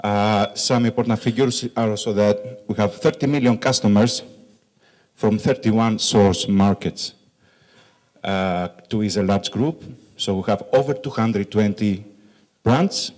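A man with a Greek accent tinged by Italian gives a conference talk as a country manager, his voice fairly low and darkish. He jokes about his English, peppers his speech with "uh," and slows down for emphatic asides.

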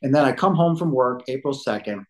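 A man's voice: mid-range voice, expressive, a little fast, a little mellow, rough recording. A man in his fifties, a podcast guest telling a personal story at home, rambling and often saying "you know". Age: 50s. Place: living room couch at home.

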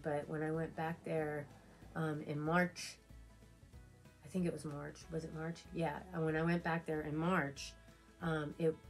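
With a low voice and darkish tone, a woman beauty vlogger chats while she gets ready. Her get-ready-with-me talk turns to an emotional personal story, told with lots of fillers and repetition.

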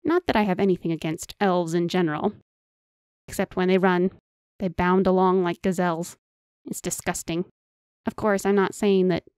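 A woman's voice: lowish voice, steady tone, normal speed, darkish tone, clear, resonant tone, dry recording, studio quality, lightly acted. A woman voicing a playful, sweet-toothed male enchanter who chatters theatrically in an audiobook. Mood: teasing. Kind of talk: audiobook character voice.

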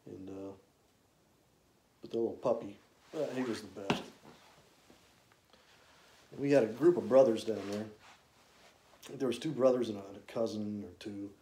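Mellow man spinning camp stories. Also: lowish voice, a little hiss or hum. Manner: relaxed, rambling, folksy, with drawn-out fillers. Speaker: hunter reminiscing. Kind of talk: casual storytelling. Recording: roomy echo.

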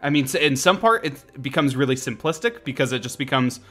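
Man, podcast co-host, bright voice, thoughtful, pauses to find words. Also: medium pitch, expressive, faint music behind. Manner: thoughtful, searching for words, light laughs. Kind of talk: casual podcast discussion.

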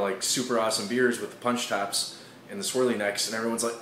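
A young man rants into the camera, rambling and swearing with plenty of uhs and likes. His pitch sits mid-range. The room is echoey and has a faint hum behind him. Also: fairly even intonation, fast talker, a bit bright. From Chicago. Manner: rambling, profane, lots of fillers. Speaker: vlogger. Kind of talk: casual rant vlog.

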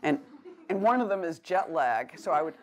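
A woman's voice: on the low side, sing-song, moderate pace. A woman with a Boston accent giving a live poetry reading, with loose, rambling asides full of fillers and restarts between poems. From Boston, USA. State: semi jet lagged. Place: bookshop event space before an audience.

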